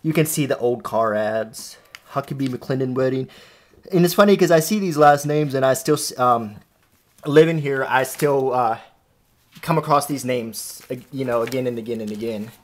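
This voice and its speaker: A man's voice: medium pitch, normal speed. A man from Alabama with a faint Southern accent, chatting casually to his camera at home as he tells family stories. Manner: conversational, amused, storytelling. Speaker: host showing family scrapbook. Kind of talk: casual vlog narration. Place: at home indoors, cats around.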